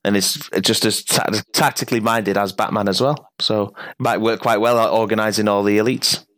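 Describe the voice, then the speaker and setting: A man in casual chat, rambling and halting with frequent laughs. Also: fairly low pitch, fairly even intonation, fairly bright tone, dry recording. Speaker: podcast co-host.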